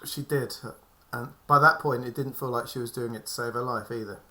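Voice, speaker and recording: A man's voice: medium pitch, fairly even intonation, brisk, bright, forceful tone. A man playing a tabletop role-playing game, bantering in a jokey way and laughing often. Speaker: player.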